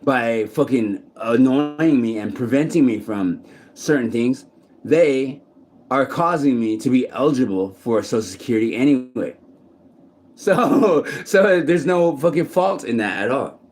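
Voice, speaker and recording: A man of ordinary pitch vlogs outdoors in a city park. He talks casually and at length, swearing freely and often starting sentences over. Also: expressive, measured pace, a little mellow. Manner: rambling, profane, frequent restarts and fillers. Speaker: vlogger. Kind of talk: casual rambling monologue to camera.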